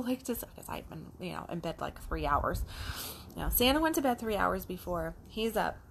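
A middle-aged woman coach telling a casual, animated story, acting out the lines of her child and herself. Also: mid-range voice, fairly quick, a little hiss or hum. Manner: animated, acts out a child's voice and her own in quotes. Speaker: life coach.

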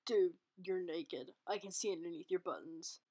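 Here a woman pokes fun at her own artwork in a lowish, dark-toned voice at a moderate pace. She keeps things jokey, often breaking into silly put-on voices and sung snippets as she presents her drawings.

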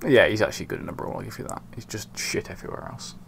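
A man's voice: lowish voice, rapid-fire, creaky, fairly bright tone, a little hiss or hum. Wry young man commenting on a game. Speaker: channel host.

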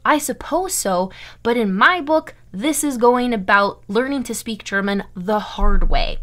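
A woman's voice: on the high side, lively intonation, unhurried, sharp tone. A woman from Iowa, teaching German online in an emphatic, chatty way that keeps checking in with "okay?". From Iowa, USA. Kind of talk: online language lesson.

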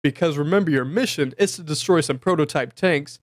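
A man's voice: on the high side, a little fast, no echo, studio quality, natural voice. A man doing a cocky secret agent. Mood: breezy.

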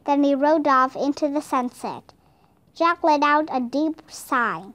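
A woman narrates a children's storybook with a high, light voice. She reads slowly and carefully, and the recording is close and dry with no room sound. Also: expressive, fairly bright tone, dry recording. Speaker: audiobook reader.

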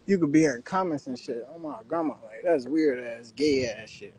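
Gravelly young man taunting on a livestream. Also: mid-range voice, expressive, normal speed, rough recording. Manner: loud, swaggering street slang, taunting viewers. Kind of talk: casual livestream talk.

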